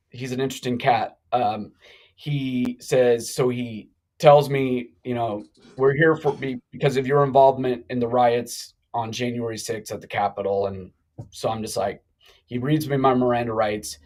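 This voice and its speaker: A middle-aged man telling a long story on a live talk show, animated and rambling, with many restarts. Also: medium pitch, a little slow, rough recording. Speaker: guest.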